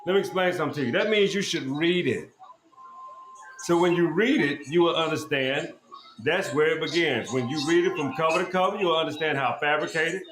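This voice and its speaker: A high-voiced man hosts a podcast and scolds his guest in a loud, profane rant, repeating himself over and over. His voice bounces around an echoey room, with a faint hiss of noise underneath. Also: a little fast. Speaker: podcast host.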